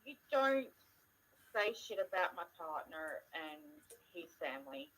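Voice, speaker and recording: A woman's voice: fairly low pitch, sing-song, slow, fairly bright tone, low-quality recording. A young woman telling stories in casual chat, blunt and swearing freely as she talks to her mother.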